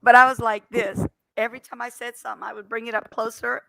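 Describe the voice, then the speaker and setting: A woman's voice: on the high side, flat delivery, fast talker, vocal fry, sharp tone, no room sound. A young woman hosting a live stream in casual, teasing chat, laughing often and talking through a headset.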